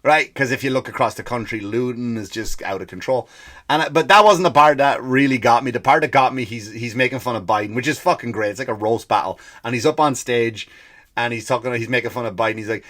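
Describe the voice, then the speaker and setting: A man's voice: medium pitch, fast, a bit bright. A man hosting a comedy podcast, ranting in a profane, sarcastic monologue.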